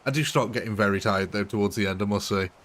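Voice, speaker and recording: A man talks to his live-stream viewers in a loose, chatty way, chuckling often. His voice sits a little low. It is late at night, and he is streaming from home. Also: fast, fairly bright tone. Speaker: game streamer. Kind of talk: casual live-stream chat.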